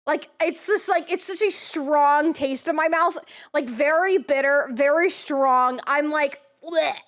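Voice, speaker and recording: A young woman streamer tells a story casually and animatedly, swearing freely and acting out what people said. Her voice is high-pitched and her pace a little slow.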